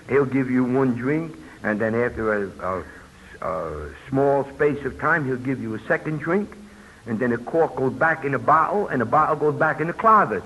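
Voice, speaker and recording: An older man, speaking at a recovery convention and telling his story in a plainspoken way with folksy asides. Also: on the high side. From New York. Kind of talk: personal testimony talk. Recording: muffled old tape with hiss.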